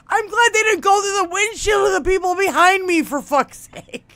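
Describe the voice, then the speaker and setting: A woman co-hosting a casual podcast chat, swearing freely and laughing loudly as she tells stories. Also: extremely high pitch, expressive, moderate pace, few pauses. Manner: loud, laughing storyteller, swears often. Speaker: podcast co-host.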